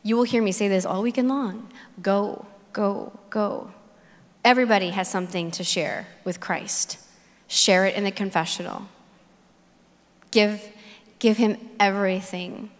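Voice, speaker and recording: A woman's voice: mid-range voice, fairly even intonation, unhurried. Earnest woman speaking in a reverberant hall. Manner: earnest storytelling with repeated phrases; acts out dialogue in quoted voices. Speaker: conference speaker. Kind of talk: personal faith testimony talk.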